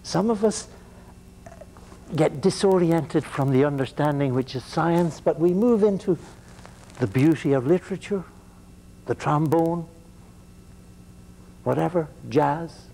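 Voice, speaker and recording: A man's voice: fairly high pitch, unhurried, vocal fry, long pauses, mellow. A man giving a classroom lecture in a digressive, joking, conversational way.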